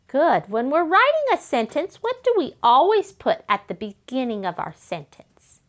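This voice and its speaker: Dull audio carries a slightly high, sing-song voice with a fairly bright tone, taking things slowly. The woman is teaching young children to write sentences step by step, sounding out letters and words with frequent praise.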